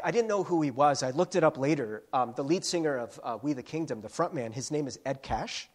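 A man preaching a sermon in a church, earnest and conversational, with many restarts and fillers. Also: on the high side. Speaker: pastor. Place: church sanctuary.

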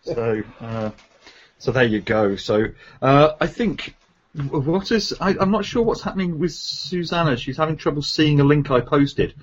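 A man's voice: fairly high pitch, lively intonation, moderate pace, breathy edge, dull audio. A man hosting a casual group podcast, joking and rambling with fillers. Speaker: podcast host.

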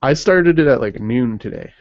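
Male co-host, mid-pitched, dry humor, dead dry room, dull lo-fi audio. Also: lively intonation, normal speed, no room sound. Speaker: podcast co-host. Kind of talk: casual chat.

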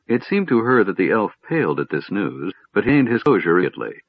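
Husky, expressive male audiobook narrator. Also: fairly low pitch, fast talker, few pauses, no echo, lo-fi sound. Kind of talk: scripted fantasy narration.

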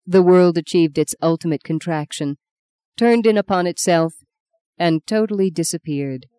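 A woman reading a novel aloud as an audiobook narrator, in a measured, gentle storytelling manner. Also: fairly low pitch, clean tone, no room sound, studio quality.

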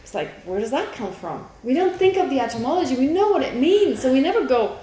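A woman's voice: sits high, very animated, a little fast, mellow. A woman teaching a Buddhist philosophy class, explaining patiently and often checking in with her students. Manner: explanatory, asks the class questions, laughs easily. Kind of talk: classroom lecture. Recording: echoey room with faint background noise.

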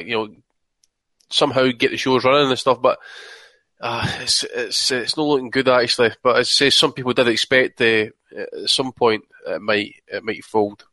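A man's voice: medium pitch, pushed and bright, no room sound. A man co-hosting a boxing chat podcast, talking casually with many restarts and frequent swearing. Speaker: podcast co-host.

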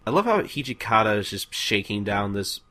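A man's voice: lowish voice, very animated, a little fast, bright, forceful tone. A young man hosting a podcast in casual chat, laughing easily and making apologetic asides. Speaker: podcast host.

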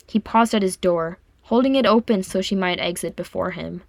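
A woman narrating a fan fiction audiobook with calm, even storytelling. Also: medium pitch, moderate pace, creaky, no echo. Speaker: audiobook reader.

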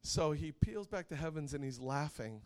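A man in his thirties gives a sermon built on personal stories, laughing often and getting loud as he acts out scenes. His voice sits a little high for a man and swings widely in pitch. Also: moderate pace. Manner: animated storyteller who laughs often and gets loud when acting out scenes. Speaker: preacher.

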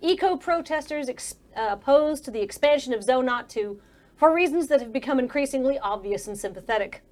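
A woman's voice: high voice, animated, fairly quick, darkish tone. A woman game master narrating a tabletop game with wry humor.

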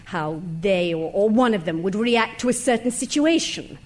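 An actress playing a sharp, practical second wife who grows indignant, with a brisk, brittle delivery in a radio drama. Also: female voice, medium pitch, animated, close to an everyday voice. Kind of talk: stage-style radio drama acting.

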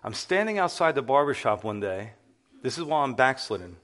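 A middle-aged man, a pastor, preaching a sermon as an animated personal testimony that acts out the voices of the people in his story. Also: medium pitch, brisk.

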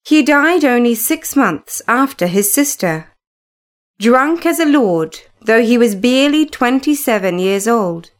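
A woman reading a classic novel aloud as narrator, in an unhurried, measured storytelling manner. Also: on the high side, lively intonation.

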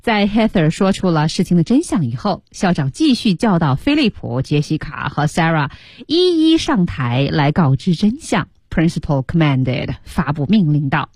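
A woman teaching on a radio lesson, her pitch swinging widely as she coaxes listeners through each line of a story. Her voice is a little low and husky, and the studio sound is dry and close. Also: normal speed, few pauses, no echo. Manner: translates line by line, lively and coaxing. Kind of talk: language lesson explaining in Mandarin. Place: broadcast studio.

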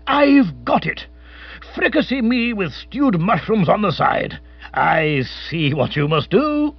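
A man's voice: sits high, sing-song, takes it slowly, husky, no room sound, muffled recording, pitched above the performer's own voice, exaggerated voice. A man voicing a blustering older male colonial big-game hunter, boisterous and exclamatory, in a storybook reading.

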